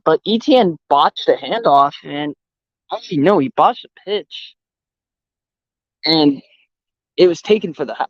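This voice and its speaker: A young man with a slightly high voice rants on a stream, blunt and full of swearing. His sound is dull and a bit lo-fi, with a dry close mic. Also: lively intonation, measured pace, pauses often, no room sound. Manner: blunt, profane, opinionated sports talk. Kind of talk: casual chat. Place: outdoors. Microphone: voice call or stream mic.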